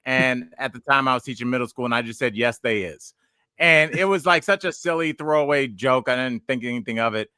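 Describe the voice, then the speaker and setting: Bright, clear-voiced male podcast host. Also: medium pitch, fast, few pauses, no room sound, clean studio sound. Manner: rambling, digressive storyteller. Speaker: podcast host and stand-up comedian. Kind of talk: casual podcast chat.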